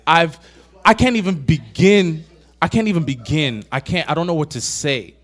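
A man's voice: fairly high pitch, moderate pace. A man preaching a casual, conversational sermon to a young adult group, asking the audience questions and retelling film scenes. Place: church hall.

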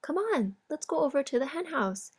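Storybook figure: a cheery, friendly young hare pitched up high played by a woman. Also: big pitch swings, moderate pace. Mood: cheerful.

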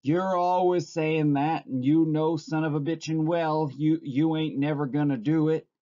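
A man voicing a scolding woman, the aunt of a simple-minded man, with a sharp, nagging manner in a story read aloud. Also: a little high, lively intonation, moderate pace, breathy edge, pitched above the performer's own voice. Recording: dull lo-fi recording.

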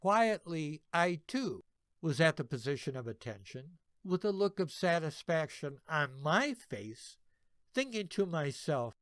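A man in his seventies, a veteran narrating a personal army story in a slow, expressive way. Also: on the high side, no room sound, studio quality. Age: 70s. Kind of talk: reading a personal war story.

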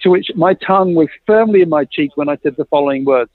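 A middle-aged man, a guest on an interview show, telling a story with lively, self-mocking humor and acting out the dialogue he quotes. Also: sits high, fast talker. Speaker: guest, innovation consultant. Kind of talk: animated anecdote telling in a podcast interview. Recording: dry, tinny phone-like line.

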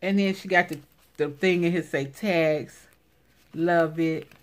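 A woman's voice: on the low side, slow pace. A woman vlogger chatting casually while opening craft mail, gushing and exclaiming over each piece. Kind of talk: casual unboxing chat.

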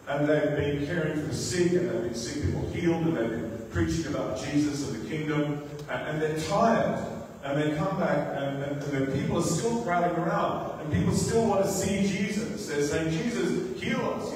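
A man preaches in a relaxed, conversational way, often asking the congregation questions. His voice sits a little above the usual for men. The recording is distant, with a long, ringing church-hall echo and a faint room hum. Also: fairly high pitch. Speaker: pastor. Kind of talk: sermon. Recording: echoey church hall, mic far off.

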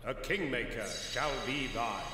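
A man's voice: mid-range voice, pushed and bright. A man voicing a solemn echoing statue spirit. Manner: archaic, slow, ceremonial speech. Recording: distant, echoey game audio with hiss.

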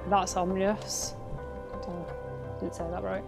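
A woman's voice: mid-range voice, normal speed, music in the background. A woman giving casual let's play commentary, chatty and musing to herself as she plays.

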